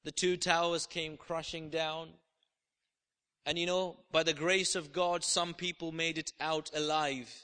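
A high-pitched male preacher with a bright, gravelly edge delivers an impassioned sermon. He moves from hushed prayer to ringing declarations. The sound carries the long reverb of a large hall. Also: flat delivery, a little slow.

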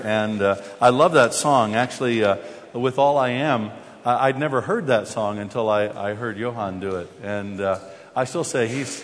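An American man preaching a sermon as a visiting speaker, with halting restarts and wry humor before a scripture reading. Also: on the low side, a little hiss or hum. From United States. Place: church. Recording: long hall reverb.

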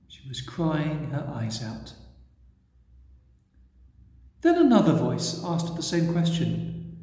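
A man preaching, retelling a story gently and expressively before leading a prayer. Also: a little high, sing-song, slow, long pauses. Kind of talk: sermon storytelling. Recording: echoey church hall.

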